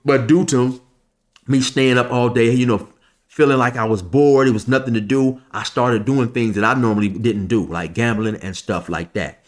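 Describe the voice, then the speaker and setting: A man's voice: medium pitch, fairly even intonation, normal speed. Man telling a story casually. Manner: conversational, loose, with fillers and asides.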